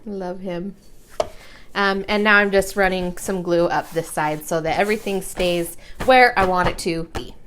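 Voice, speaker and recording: A woman's voice: lowish voice, steady tone, measured pace, fairly bright tone, slight background noise. A young woman chatting casually as she walks through a craft project, giggling and humming to herself while she works. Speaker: crafting vlogger. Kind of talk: casual craft tutorial chat.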